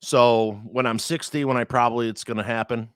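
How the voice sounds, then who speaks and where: An animated man in casual talk, telling his story with plenty of profanity and playing the people he quotes. His voice sits at an average pitch. The recording is close and dry, with no room echo. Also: a little fast, clean tone.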